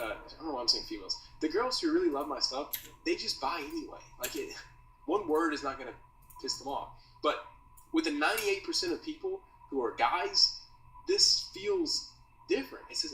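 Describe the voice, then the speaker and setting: A man's voice: on the high side, sharp tone. A man teaching a copywriting course in a loose, slangy casual talk, calling listeners dude and bro. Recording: roomy echo, mic at a distance, faint noise.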